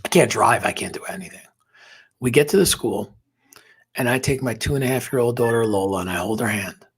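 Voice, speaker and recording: A man tells his story as a podcast guest, his voice husky and a touch breathy. He speaks earnestly and with emotion, sinking into a near-whisper at the most tender moments. His pitch sits in an ordinary middle range. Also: fairly quick. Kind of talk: personal storytelling in an interview.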